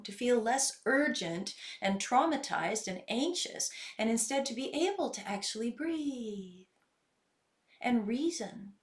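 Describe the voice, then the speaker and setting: A woman self-help coach teaching in an earnest, reflective way and slowing down to stress her points. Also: mid-range voice. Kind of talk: instructional self-help talk. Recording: echoey room.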